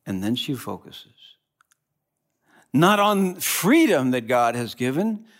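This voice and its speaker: A man preaching a sermon as pastor, animated and conversational, swinging from loud passages to quiet asides. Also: mid-range voice, takes it slowly.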